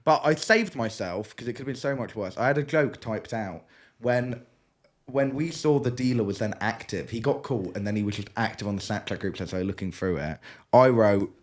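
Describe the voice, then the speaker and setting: A man's voice: fairly low pitch, normal speed. A young man with a British accent, co-hosting a casual podcast, laughing as he tells a long story and acting out the other people in it. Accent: British English. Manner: animated, laughs through his own story, acts out voices. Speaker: podcast co-host.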